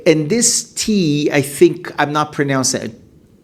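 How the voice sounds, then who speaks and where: A man records himself on a headset, chatting casually and poking fun at his own slips. He speaks slowly and unhurriedly. His pitch swings widely up and down as he talks. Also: animated, vocal fry. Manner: self-deprecating, laughs at his own mistakes. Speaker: podcast host practicing Mandarin. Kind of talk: casual self-recorded practice session.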